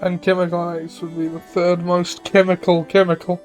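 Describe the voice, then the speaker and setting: A man's voice: sits high, completely flat delivery, normal speed, soft background music. A man co-hosting a game stream, musing aloud in a dry, rambling way. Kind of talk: casual let's-play commentary.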